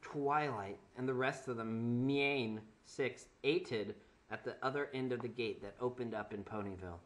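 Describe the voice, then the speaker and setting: A man's voice: medium pitch, normal speed, fairly bright tone, a little hiss or hum. A young man doing a mock-dramatic reading of a bad fanfic, with sarcastic asides about the writing. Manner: sarcastic, breaks into laughter and wry asides. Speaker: comedic fanfic reader.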